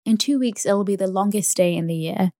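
A woman reading aloud and voicing a flighty, excitable young woman with a breathless, airy lilt. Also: mid-range voice, fairly quick, dry recording, studio quality, close to an everyday voice. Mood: gushing.

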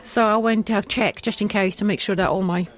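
A woman's voice: medium pitch, fairly even intonation, a little fast. Dry, matter-of-fact woman co-host. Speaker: podcast co-host. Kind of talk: casual chat.

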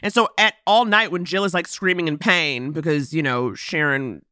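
A woman's voice: low voice, normal speed, smooth, dry recording, studio quality. A woman co-hosting a podcast, chatting casually and animatedly about a movie she watched, often acting out the characters' lines. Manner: animated, quotes characters in put-on voices, laughs often. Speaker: podcast co-host. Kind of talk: casual chat recapping a movie.

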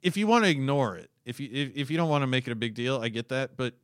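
A man's voice: medium pitch, fast talker, fairly bright tone, smooth, dry recording, studio quality. Profane, ranting man on a podcast. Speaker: podcast co-host. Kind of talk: casual chat.

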